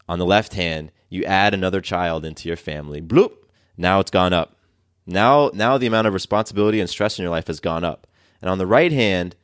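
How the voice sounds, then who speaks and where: A man in a podcast monologue coaches listeners on stress and growth. His voice sits fairly low and earnest, and he leans on repetition to drive points home. The sound is close and dry, with no room around it. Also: no echo. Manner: earnest, coaching, repeats key phrases. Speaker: podcast host.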